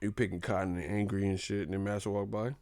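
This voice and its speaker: Gravelly, animated man ranting. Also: on the low side, fast talker, no room sound. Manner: animated, profane, rambling. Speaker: boxing channel host. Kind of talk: live-stream commentary.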